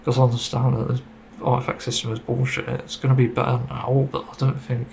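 A man's voice: medium pitch, completely flat delivery, a little fast, vocal fry, darkish tone, slight background noise, poor audio. A man giving a casual, rambling opinion monologue about a game, getting frustrated and swearing casually. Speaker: gaming video creator.

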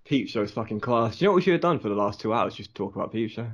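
A man's voice: on the low side, animated, rapid-fire. A man chatting as a podcast guest, full of laughter and self-deprecating banter. His voice comes through a dull, muffled lo-fi recording. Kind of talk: casual chat. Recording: dull lo-fi sound.

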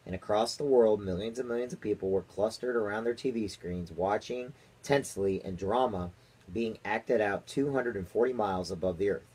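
A man reading a children's book aloud to his daughter, with steady storytelling and small slips. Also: fairly low pitch, moderate pace, husky, rough recording.

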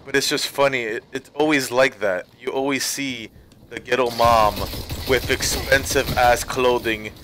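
A man's voice: mid-range voice, fairly even intonation, a little slow, fairly bright tone. A young man streaming a video game, telling a story in a profane, rambling rant. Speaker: gaming streamer. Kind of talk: casual storytelling while playing. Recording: game sounds and noise behind.

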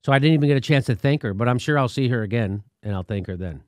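A man's voice: mid-range voice, quick pace. A man hosting a talk show, telling a story casually and acting out what people said, with swearing. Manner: animated, acts out quotes with profanity. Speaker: show host.

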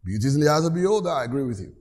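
A man's voice: on the high side, very animated, racing, darkish tone. A man preaching a sermon in a church, reading scripture aloud and calling on the congregation to answer him. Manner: preaches with call-and-response, reads scripture aloud. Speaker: pastor.

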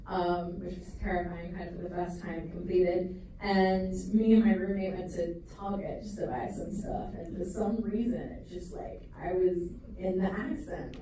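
A woman's voice: on the low side, steady tone, moderate pace, mellow, a little hiss or hum. A young woman with an Australian accent, talking in a chatty, self-deprecating way with lots of fillers as a guest at a Q&A. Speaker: guest actress. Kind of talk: casual Q&A talk. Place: theater stage. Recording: echoey theater from far off with audience.

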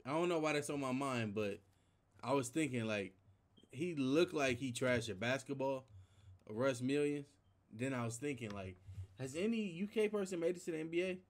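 A man's voice: mid-range voice, animated, normal speed. A young man hosting a casual reaction video, talking loosely and chattily and tossing in slang like 'man' and 'bruh'. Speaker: YouTube reaction host.

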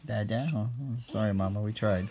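A man's voice: fairly low pitch, fairly quick, dark tone. A man filming his baby son at home, coaxing and teasing him in a playful way. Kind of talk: casual home video.

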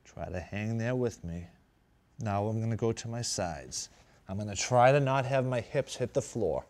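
A man's voice: fairly low pitch, animated, moderate pace, a little mellow. A man leading a workout as a fitness instructor, counting reps and urging the viewer on while breathing heavily. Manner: encouraging, coaching and counting reps. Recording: music behind the voice.

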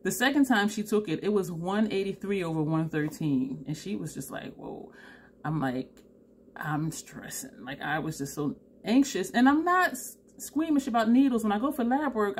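A woman's voice: mid-range voice, animated, normal speed, few pauses, slight background noise. A tired woman, telling a story to camera in a chatty way, laughing often and acting out both sides of the conversation. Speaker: beauty vlogger.

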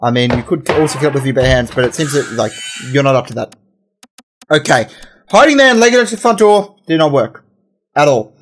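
A man's voice: mid-range voice, lively intonation, fairly quick, a bit bright, a little hiss or hum. A young man casually commenting on a horror game, rambling and joking as he tells a made-up story. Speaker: gamer. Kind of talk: casual let's play commentary.

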